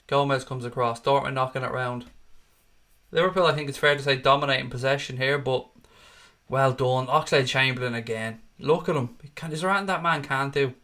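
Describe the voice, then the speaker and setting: Sweary excitable football fan. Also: male voice, mid-range voice, brisk. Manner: excitable, sweary, rants at the referee; chats to viewers in the live chat. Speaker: fan hosting a live watchalong. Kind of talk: live fan match commentary.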